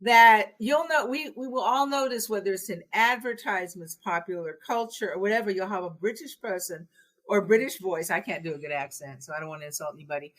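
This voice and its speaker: An American woman co-hosting a podcast, giving her opinions in an emphatic, animated, chatty way. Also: mid-range voice, a little fast. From United States. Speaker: podcast co-host. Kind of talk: casual conversational chat.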